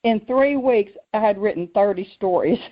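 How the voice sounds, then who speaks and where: A woman hosting a faith radio show, telling her own story in a lively way and acting out the voices she quotes. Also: mid-range voice, moderate pace. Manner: lively, acts out quoted voices, laughs often. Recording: muffled lo-fi radio audio.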